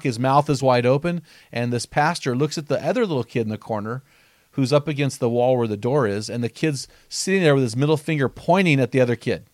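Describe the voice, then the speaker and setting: A man speaks at a middle pitch in an earnest, conversational podcast manner, teaching through stories. He reads quotes aloud and often repeats words as he restarts a thought. The recording is dry and close, with no room echo. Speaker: author and podcast host.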